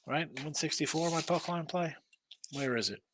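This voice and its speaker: A man hosts a casual sports betting stream, rambling through his picks, reading out chat messages, and often restarting and repeating words. His slightly high voice moves at a moderate pace, with background noise audible.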